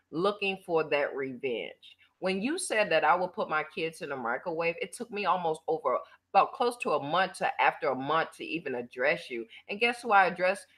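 A woman's voice: low voice, a bit bright. A woman hosting her own channel, giving blunt, profane, mocking commentary in a casual chatty style. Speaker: channel host.

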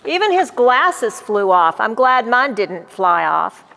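A woman museum docent reading a picture book aloud to children in a gallery, pausing to explain words. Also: on the high side, creaky, in a large hall. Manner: animated, explains words to kids.

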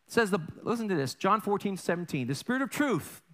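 An animated male pastor delivers a sermon from a church platform. His voice sits high for a man and leaps all over the place, swinging between hushed asides and bright bursts. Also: fast. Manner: animated, acts out family voices in quotes. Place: church sanctuary.

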